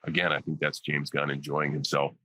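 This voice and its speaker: A man's voice: very deep voice, monotone, a little fast, pushed and bright, no echo, rough recording. A man in his forties, a guest on a podcast, answering questions in a dry, sarcastic, joking way. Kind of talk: casual interview answers.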